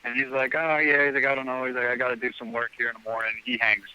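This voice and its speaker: A man's voice: mid-range voice, flat delivery, racing, pushed and bright, clear, resonant tone, dull audio. A man as a podcast guest, telling a rambling story and acting out the dialogue with "I'm like" quotes. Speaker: guest hunter. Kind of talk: casual storytelling.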